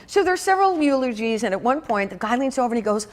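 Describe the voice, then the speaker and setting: A woman's voice: fairly high pitch, sing-song, rapid-fire, few pauses. A woman minister telling a story in a conversational sermon, with lots of "you know". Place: church sanctuary.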